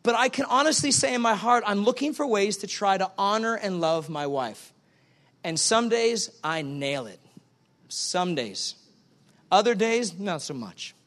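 A middle-aged male pastor preaching a sermon, animated and acting out both sides of little dialogues. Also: sits high, unhurried.

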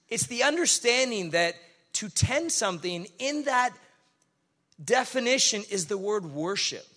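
A man's voice: sits high, bright, forceful tone. A middle-aged man, a pastor preaching a sermon full of chatty, self-deprecating stories.

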